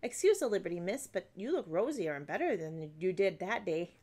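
A woman's voice: fairly low pitch, sing-song, a little fast, darkish tone. A woman doing a chatty, kindly shopkeeper. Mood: warm. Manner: homely, rustic speech. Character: kindly working-class female baker, middle-aged, chatty.

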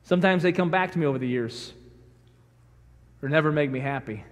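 High-voiced preaching pastor in an echoey church. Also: male voice, fairly quick. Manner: emphatic preaching, acting out quotes. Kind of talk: sermon. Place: church sanctuary. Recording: reverberant church sanctuary.

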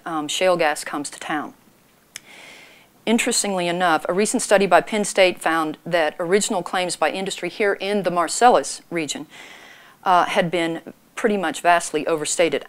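A middle-aged woman, hoarse from a cold, giving a measured talk to an audience with dry, pointed asides. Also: lowish voice. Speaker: public speaker.

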